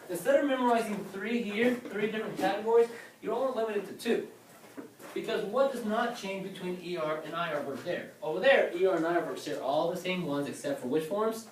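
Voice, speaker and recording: A man's voice: sits high, brisk, far from the mic, a little hiss or hum. A man teaching a class, lecturing and often asking questions and checking with "okay?". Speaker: Spanish teacher. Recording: roomy classroom from afar.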